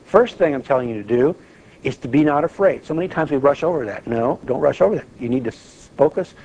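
A man leading an informal Bible study, lively and acting out prayers as he talks. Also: mid-range voice, fast talker, husky, dull audio. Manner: animated, acts out prayers and quotes.

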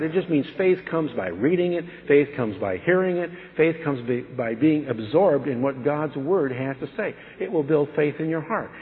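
A man's voice: medium pitch, darkish tone, long reverb tail, dull audio. A middle-aged man preaching a sermon, telling a personal testimony in an earnest, conversational way that often stops and restarts.

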